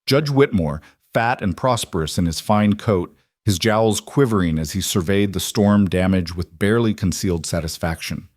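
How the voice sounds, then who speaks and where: A man narrating a frontier story in a measured, dramatic way. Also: deep voice, a little mellow, no room sound, clean studio sound.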